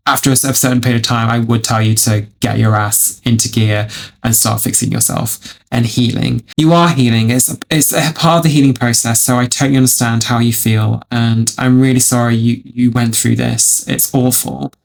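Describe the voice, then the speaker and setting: A man with a gravelly, creaky voice reacts to online stories as a video host. He is dramatic and swears freely, and he calls the listener darling over and over. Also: mid-range voice, steady tone, moderate pace.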